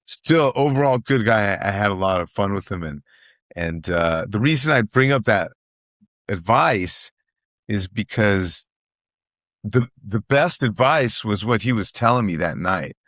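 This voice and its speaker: A middle-aged man with a fairly low voice tells stand-up road stories in an easy, chatty way. He leans on repetition for emphasis and acts out other people's voices as he goes. The sound is dry and close, with no room around it. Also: animated, measured pace, fairly bright tone, no room sound. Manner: repeats phrases for emphasis, acts out quoted voices. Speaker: guest comedian. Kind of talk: casual storytelling chat.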